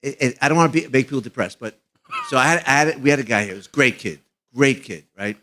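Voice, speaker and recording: A middle-aged man, a rabbi, talks at a live fundraising broadcast. He tells his stories with emphasis and drops his voice low on the sad moments. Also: fast talker, bright, forceful tone, slight background noise. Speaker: rabbi and guest speaker.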